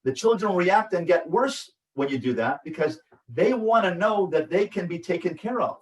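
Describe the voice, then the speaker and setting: Here the rabbi's voice is high and expressive, moving at a moderate pace through his parenting lecture. He stays emphatic and repetitive, checking in with the audience often, while the room echoes and he sounds far from the mic.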